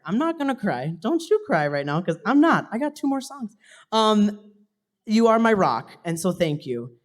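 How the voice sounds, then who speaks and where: Young male stage performer, emotional thank-you to family in the audience, earnest, sometimes hushed. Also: sits high. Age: young adult. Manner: heartfelt, voice dropping to a whisper at times, laughing between phrases.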